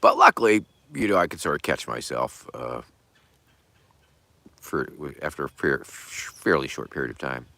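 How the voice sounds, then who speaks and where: A middle-aged man hosting a livestream, chatting in a rambling, profane way that often trails off softly. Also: rumbling low, very animated, normal speed, gravelly, no echo. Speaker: livestream host. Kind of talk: rambling casual livestream chat.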